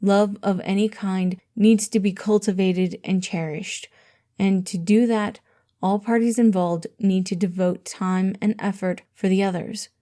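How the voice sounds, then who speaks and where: Woman reading a calm, formal young king. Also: mid-range voice, measured pace, natural voice. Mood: earnest. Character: gentle, earnest young male king, measured and formal.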